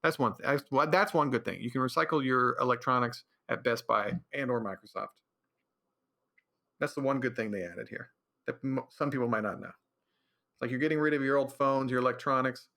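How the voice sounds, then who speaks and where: On his own podcast, a man rambles through his opinions in a casual, ranting monologue, frequently restarting his sentences. His mid-range voice is brisk, bright and pushed, with vocal fry.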